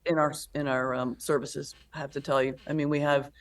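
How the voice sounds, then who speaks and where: Her voice sits low and moves along fairly quickly as this pastor-comedian, a guest in a casual interview, tells animated stories and does the voices of the people she quotes.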